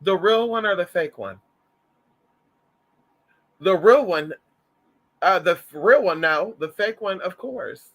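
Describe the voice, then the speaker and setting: A man's voice: high-pitched, animated, slow pace, long pauses, a bit bright. A man chatting casually to his viewers in a sassy, flamboyant way, swearing freely and calling them honey. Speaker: vlogger. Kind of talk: casual livestream chat.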